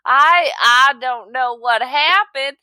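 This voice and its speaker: A woman's voice: sits high, takes it slowly, clear, resonant tone, dry recording. A woman playing a tabletop game, chatting, laughing and swearing after a few beers. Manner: lively, laughing, swearing, has been drinking. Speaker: player. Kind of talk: casual game chat.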